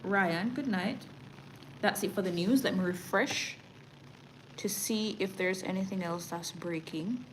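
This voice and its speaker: A woman's voice: mid-range voice, a little slow, slight background noise, rough recording. A woman with a Jamaican accent hosting a casual livestream, chatty and sliding into patois. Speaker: livestream news host.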